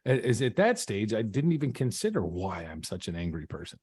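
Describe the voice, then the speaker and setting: A man's voice: on the low side, big pitch swings, a little fast, a little mellow, husky, no room sound, studio quality. A man, a podcast guest, telling his own story in an earnest, reflective way, often restarting his sentences. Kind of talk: casual storytelling.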